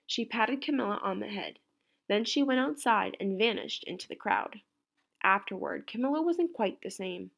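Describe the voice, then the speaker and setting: A woman teacher reads a picture book aloud to her class in an expressive storytelling voice. Her voice sits in a middle range with a gravelly, creaky texture. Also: mid-range voice, moderate pace.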